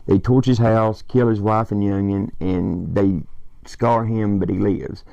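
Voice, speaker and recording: Man, loose rambling fan chat with cussing; dark tone, dry close sound. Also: lowish voice, fairly even intonation, measured pace, gravelly, no echo, highs cut off. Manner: rambling, swearing, quoting lines. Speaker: movie fan vlogger. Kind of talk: casual movie retelling.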